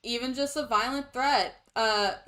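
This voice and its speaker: Woman, young adult, podcast co-host, casual chat, blunt, lively. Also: a little high, unhurried. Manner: animated, laughs often, blunt.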